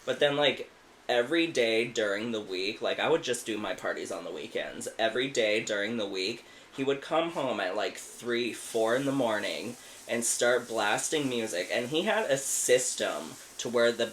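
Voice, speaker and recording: A man's voice: mid-range voice, animated, normal speed, a bit bright, a little hiss or hum, low-quality recording. A man in his thirties on a podcast, telling a story in a casual, rambling way, swearing a lot and filling it with "like". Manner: profane, rambling, lots of "like". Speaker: podcast co-host.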